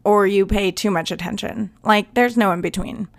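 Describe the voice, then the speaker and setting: A woman's voice: medium pitch, normal speed, vocal fry. A young woman, a flight attendant hosting her own podcast, telling stories in a casual, chatty monologue and laughing as she acts out passengers.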